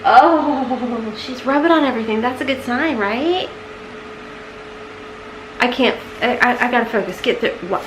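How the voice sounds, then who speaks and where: Distractible woman in her thirties, casual beauty-vlog chatter, a touch high-pitched. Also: measured pace, fairly bright tone, slight background noise, rough recording. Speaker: beauty vlogger. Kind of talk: casual unboxing chat.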